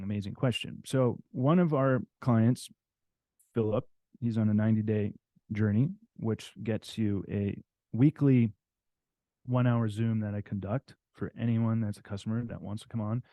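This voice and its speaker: A man's voice: medium pitch, dark tone, no echo. A man presenting a live workshop, coaxing listeners with frequent "okay?" and "right?" and repeating key phrases. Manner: repetitive, coaxing, tag questions like "okay?". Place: room with a live audience.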